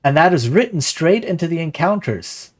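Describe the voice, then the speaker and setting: On a livestream, a man with a somewhat high voice talks at a normal speed about running tabletop games, casual and animated. He keeps tossing out a rhetorical "right?" and reads chat messages aloud before answering them, all in a relaxed game-design chat.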